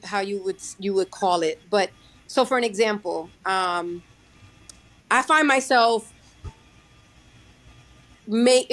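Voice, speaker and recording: Halting woman trucker, casual chat. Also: medium pitch, fairly bright tone. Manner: halting, many restarts and fillers. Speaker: guest, owner-operator truck driver. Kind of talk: casual podcast interview.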